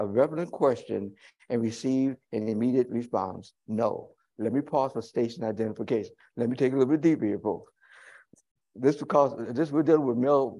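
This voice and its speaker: A male pastor delivering a sermon in a dark, mellow voice. He talks to the congregation in a folksy, chatty way, drifting into humorous asides and plain everyday comparisons. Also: mid-range voice.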